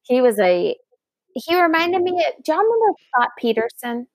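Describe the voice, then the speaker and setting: A woman in her thirties casually telling a dating story, animated and acting out the other voices. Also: sits high, normal speed, no room sound.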